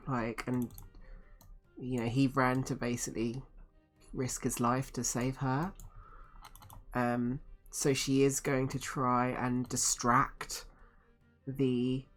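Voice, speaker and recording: Very low-voiced hesitant woman player. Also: flat delivery, takes it slowly, soft background music. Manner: hesitant, thinking aloud with many fillers. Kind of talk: tabletop game play, casual chat.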